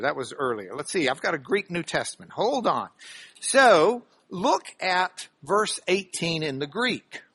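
A man teaching scripture with a high, bright voice. He hits key words with sudden loud emphasis, then drops into chatty asides that check whether listeners are following. His pitch swings widely as he talks. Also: breathy edge, no room sound. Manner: dramatic, bursts of loud emphasis. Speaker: Bible teacher. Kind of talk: Bible teaching broadcast on radio.

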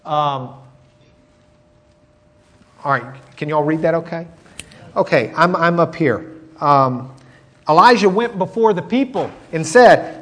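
A man teaching a sermon, telling a Bible story with animated acted-out quotes. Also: sits high, moderate pace.

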